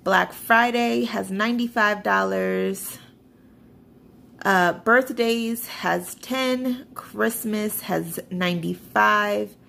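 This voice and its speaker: Gravelly-voiced woman chatting about her budget. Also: medium pitch, drawn-out words, a bit bright. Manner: chatty, reads figures off a screen, self-deprecating. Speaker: budgeting vlogger. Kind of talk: casual budget walkthrough to camera.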